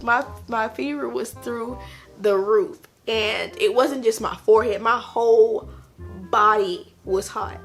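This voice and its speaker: A woman telling a personal story in a casual, animated way, repeating lines for emphasis. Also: a little high. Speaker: vlogger.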